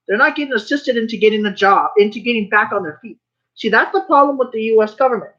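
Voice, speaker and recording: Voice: mid-range voice, quick pace, sharp tone. Rambling emphatic vlogger with a muffled sound. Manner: rambling, repeats phrases, emphatic and defensive; swears when worked up. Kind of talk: casual monologue rant. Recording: slightly muffled recording.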